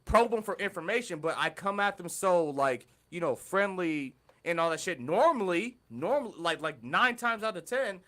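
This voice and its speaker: A man with a fairly high voice co-hosts a casual podcast. He tells stories in a loose, profane way and acts out the voices of the people in them. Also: normal speed, hardly any pauses. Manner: animated, profane storytelling with quoted voices. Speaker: podcast co-host.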